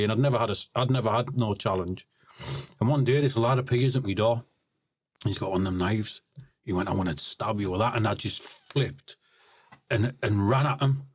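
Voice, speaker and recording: As a podcast guest, a blunt man with a lowish voice tells stories in a casual way, often repeating words as he begins sentences. There is no echo on the recording.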